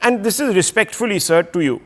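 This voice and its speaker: Pressing high-voiced male news anchor. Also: expressive, fairly quick, fairly bright tone. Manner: pressing, interrupting, rhetorical questions. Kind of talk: televised debate moderation.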